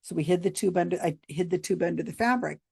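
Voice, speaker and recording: A woman's voice: lowish voice, fast, vocal fry, darkish tone, husky, dry recording. An American woman hosting, telling a story to camera in a chatty, rambling way and laughing often.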